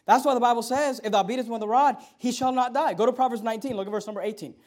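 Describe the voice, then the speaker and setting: A man in his thirties preaching a sermon as pastor, swinging between loud outbursts and quiet asides and repeating scripture references to the congregation. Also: very high-pitched, rapid-fire.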